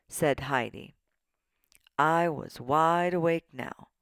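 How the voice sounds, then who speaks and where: A woman with a low voice narrates a children's storybook with playful, animated delivery. She takes her time, letting the lines swing up and down. The recording is close and dry. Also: slow, no room sound. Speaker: audiobook narrator.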